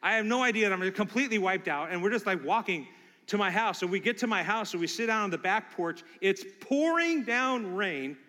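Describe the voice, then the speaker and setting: Fairly quick and bright, a middle-aged male pastor's high voice echoes with the long reverb of a big church hall. He preaches a sermon woven with personal stories, speaking animatedly and slipping into character voices for people in his anecdotes.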